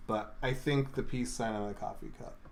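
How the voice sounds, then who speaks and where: A man calmly reasoning aloud and reassuring teammates during a board game. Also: medium pitch, moderate pace, slight background noise. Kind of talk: casual banter at a game table.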